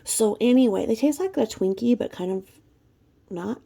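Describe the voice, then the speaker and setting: A woman's voice: fairly high pitch, expressive, moderate pace, gravelly, warm tone, husky. A woman talking in a profane, mocking gossip commentary vlog, snacking between remarks. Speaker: vlogger.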